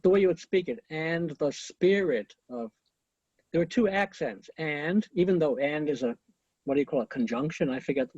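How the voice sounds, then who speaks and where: A man's voice: a little high, a little fast, darkish tone, husky, dry recording. A man teaching an online conducting class over a video call, coaching students and counting beats aloud, with chatty asides. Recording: muffled lo-fi video call audio.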